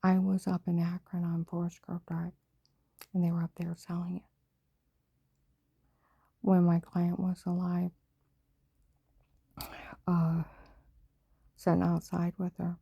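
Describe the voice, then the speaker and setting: A woman speaks mostly in a hushed, unvoiced whisper, her low voice dark and gravelly with a breathy rasp. She talks urgently in run-on bursts and now and then breaks into louder outbursts, all close and dry with no room around her. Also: completely flat delivery, takes it slowly, long pauses, no room sound, dull audio. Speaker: vlogger. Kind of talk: rambling personal monologue.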